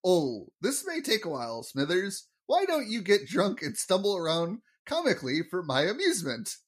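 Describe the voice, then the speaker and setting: A man's voice: high voice, wildly swooping pitch, moderate pace, full character voice. A man briefly voicing a haughty, cruel old rich boss from a cartoon while retelling a scene.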